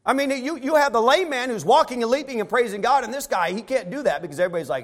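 A man preaching a sermon who reads scripture aloud and then retells it in casual modern words, swinging between soft asides and loud emphatic stretches. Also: very high voice, lively intonation, quick pace.

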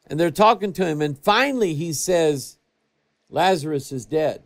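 A man pastor preaching a sermon for a TV broadcast, telling stories and moving between hushed and raised passages. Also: a little high, expressive, normal speed, gravelly. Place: church TV broadcast.

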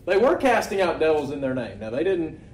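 A man's voice: on the high side, sing-song, a little fast, slight background noise. A man preaching a sermon to his congregation in a casual, conversational way, often asking rhetorical questions. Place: church. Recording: echoey room.

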